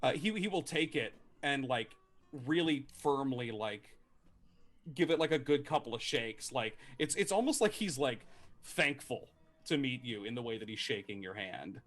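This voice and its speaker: A man's voice: medium pitch, expressive, moderate pace, a bit bright, faint music behind. A man narrating as game master of a tabletop game, rambling with many fillers and restarts and casual swearing.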